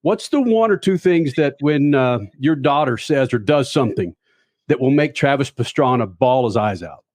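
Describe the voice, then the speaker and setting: A man's voice: mid-range voice, animated, moderate pace, a little mellow, no echo. A male talk show host asking a guest questions in a polished broadcast manner.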